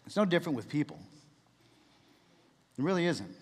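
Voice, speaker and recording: Man, pastor, conversational and jokey, fairly high voice, long hall reverb. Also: big pitch swings, moderate pace, breathy edge. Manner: conversational, jokey, asks the room questions. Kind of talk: casual church talk.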